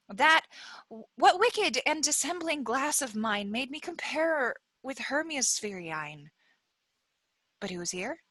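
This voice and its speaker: A woman's voice: high-pitched, bright, forceful tone, no echo, exaggerated voice. A woman reading the part of a heartsick, self-pitying young woman, with plaintive, dramatic delivery.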